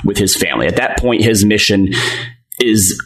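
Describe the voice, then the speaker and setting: Man, podcast co-host, casual chat, halting, lots of ums, lowish voice. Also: lively intonation, a bit bright. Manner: rambling, hesitant, many fillers and restarts.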